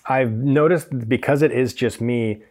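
A man's voice: medium pitch, moderate pace, darkish tone. A man hosting a solo podcast, a hairdresser telling stories from the salon and drifting into tangents with many fillers.

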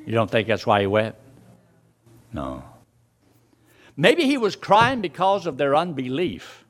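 A man's voice: medium pitch, huge pitch swings, unhurried. A man preaching a sermon, reading scripture verses aloud and explaining them to his listeners. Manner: reads scripture aloud and explains it, voice rising and dropping sharply.

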